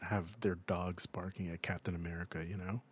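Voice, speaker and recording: A man's voice: low voice, little pitch movement, brisk, slightly rough. A man hosting a casual podcast chat, loose and swearing freely. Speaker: podcast host.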